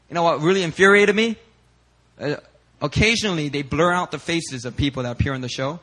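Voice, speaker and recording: Bright-voiced animated male pastor. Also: fairly high pitch, brisk, rough recording. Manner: animated, acts out quoted people in raised voices. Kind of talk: sermon.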